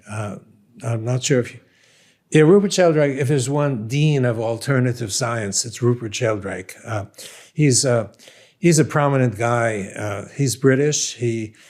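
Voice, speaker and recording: Older Brooklyn man, unhurried scientist. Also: medium pitch, a little mellow. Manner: thoughtful, self-deprecating, laughs easily. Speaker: scientist guest. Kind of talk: conversational interview.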